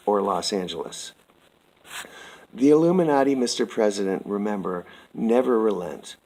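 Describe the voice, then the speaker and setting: Man, low husky voice, reads a formal statement slowly and earnestly. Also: darkish tone, poor audio. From Canada. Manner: slow, formal and earnest, addressing the listener as sir. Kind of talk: reading a prepared statement aloud.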